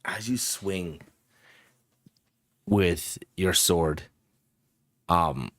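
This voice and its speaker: Slow, deep-voiced man running a tabletop game. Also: a bit bright, dry recording, studio quality. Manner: unhurried, descriptive, with many ums. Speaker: game master.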